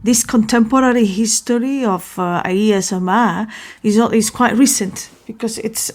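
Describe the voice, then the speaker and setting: A woman's voice: a little high, moderate pace, a little mellow. A woman hosting her own show, talking casually and alone, rambling and correcting herself as she muses aloud. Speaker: podcast host. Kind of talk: casual solo talk.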